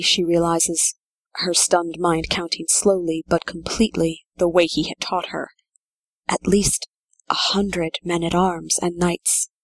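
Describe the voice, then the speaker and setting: Woman, story narrator, measured steady reading, lowish voice, dry close sound. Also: dry recording.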